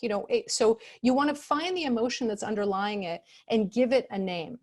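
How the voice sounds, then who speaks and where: A woman presenting as an expert in an online workshop, speaking calmly and conversationally with many fillers, acting out example phrases in changed tones. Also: fairly high pitch, fairly quick, hardly any pauses. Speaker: expert speaker on customer service.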